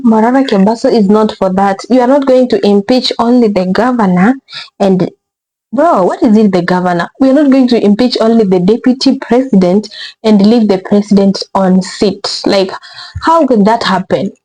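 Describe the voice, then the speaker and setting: A woman's voice: medium pitch, mellow, poor audio. A woman hosting a reaction video, talking casually and rambling, with exasperated asides. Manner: rambling, exasperated, repeats words, says bruh.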